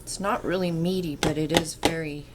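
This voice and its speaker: A woman talking through home canning in her kitchen, stuffed up and congested, rambling in a relaxed, unhurried way. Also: low-pitched, very noisy. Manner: slow, unhurried, rambling explanations. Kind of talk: casual kitchen how-to chat. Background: kitchen clatter of pots and utensils.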